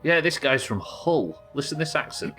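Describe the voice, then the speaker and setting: A man's voice: fairly high pitch, expressive, normal speed, pushed and bright, soft background music. A man, chatting casually as he streams a video game live. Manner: casual, chatty, laughs often. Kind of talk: live gameplay commentary.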